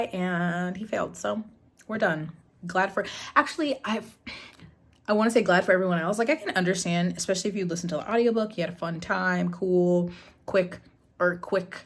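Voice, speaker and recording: Blunt, exasperated young woman vlogger. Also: fairly low pitch. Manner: blunt, exasperated, swears casually. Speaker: booktube vlogger. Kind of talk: casual reading vlog and review.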